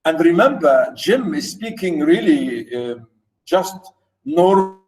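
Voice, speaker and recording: A man's voice: fairly high pitch, very animated, slow pace, low-quality recording. A man teaching a literature lesson, explaining a passage by restating points again and again with emphasis. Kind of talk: recorded literature lecture.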